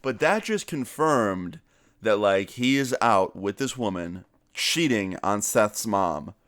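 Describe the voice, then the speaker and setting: A young man telling a story on his vlog in a casual, animated way, swearing freely and raising his voice to act out what others said. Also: fairly low pitch, takes it slowly, clean tone, dry recording, clean studio sound. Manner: animated, swearing, acts out quotes in raised voice. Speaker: vlogger telling a story time.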